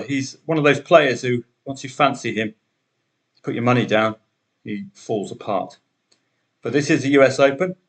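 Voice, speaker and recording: A man hosting a solo betting podcast, talking through the day's matches in a chatty way with wry asides. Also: medium pitch.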